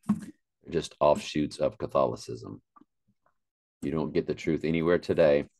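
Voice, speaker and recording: A man's voice: extremely low pitch, creaky, darkish tone. A man leading a Bible study, reading scripture aloud and breaking off to comment plainly. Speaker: Bible teacher.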